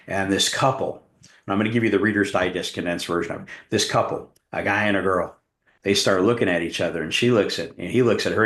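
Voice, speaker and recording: A middle-aged man from Arizona giving a workshop talk, telling a story with animated, acted-out scenes. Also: low voice. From Tucson, Arizona. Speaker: workshop presenter, hypnotist coach. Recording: roomy echo.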